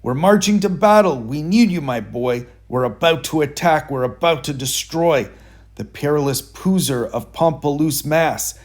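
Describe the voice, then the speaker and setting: A man's voice: a little high, lively intonation, a little slow. A man voicing a blustering, pompous army general in a storybook reading, bellowing orders. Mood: commanding. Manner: bellowing, commanding.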